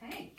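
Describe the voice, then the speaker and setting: A woman teaching a phonics lesson in a classroom, patiently prompting her students to finish her sentences. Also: distant mic. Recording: echoey classroom recorded from afar, with noise.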